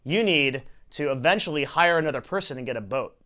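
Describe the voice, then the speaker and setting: A man's voice: on the high side, animated, a little fast, pushed and bright. A man doing a brash, persuasive rich businessman. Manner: salesy, eager, persuasive.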